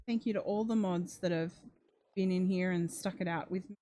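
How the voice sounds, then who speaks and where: A woman's voice: lowish voice, steady tone, moderate pace, mellow. A woman hosting a true crime livestream in a chatty way, reading out comments and reacting emotionally, gasping and close to tears. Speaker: true crime channel host.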